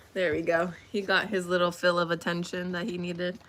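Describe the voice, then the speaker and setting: A woman's voice: fairly low pitch, fairly bright tone. A woman chatting casually on a live stream from home, cooing at her dogs in a baby voice. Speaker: streamer doing makeup. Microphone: phone. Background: dogs barking and whining.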